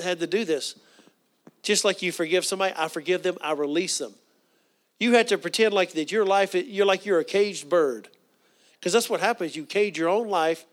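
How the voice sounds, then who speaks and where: Folksy preacher, man, earnest and slightly high-voiced, hushes for quoted prayers. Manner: folksy, earnest, with asides and restarts; drops to a soft hush for quoted inner prayers. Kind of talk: sermon.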